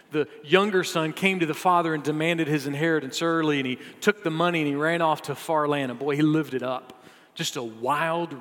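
A man preaching a sermon, telling a story with dramatic swings between loud and hushed delivery. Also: a little high, big-room sound.

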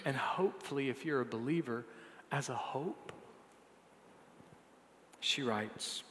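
A man's voice: takes it slowly, long pauses, a little hiss or hum. Man preaching in a big reverberant hall. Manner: swings from soft low asides to loud rising emphasis; reads a woman's written story aloud. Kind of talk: sermon.

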